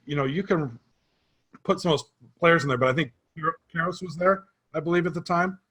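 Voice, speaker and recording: A man runs a relaxed interview with a guest. His speech is easygoing and casual, filled with "you know" and "um" as he talks. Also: fairly high pitch, brisk, slightly rough. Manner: casual, many fillers, laughs easily. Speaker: host and sports vision trainer. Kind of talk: conversational interview.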